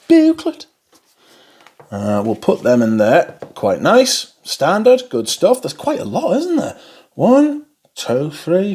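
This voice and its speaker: Husky man chatting slowly. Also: medium pitch. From Newcastle, England. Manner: chatty and rambling, swears freely, addresses viewers as friends. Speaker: fragrance reviewer. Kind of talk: casual chat to camera.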